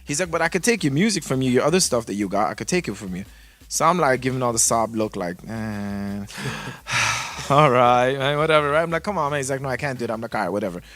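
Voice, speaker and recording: A man from Toronto, telling a story in a casual podcast chat, animated and profane, acting out the voices of the people in it. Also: medium pitch, very fast. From Toronto, Canada. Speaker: guest musician.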